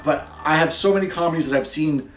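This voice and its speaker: Chill podcast guy, lots of likes and ums, a bit high voice, roomy. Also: fast talker. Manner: relaxed, filler-heavy, laughs easily. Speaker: podcast co-host. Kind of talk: casual chat.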